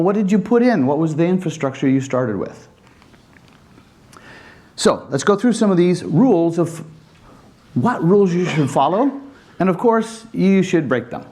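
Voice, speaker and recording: A man giving a conference presentation as a Wi-Fi design instructor, animated and acting out exchanges with customers. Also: fairly high pitch. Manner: animated, acts out dialogues with customers.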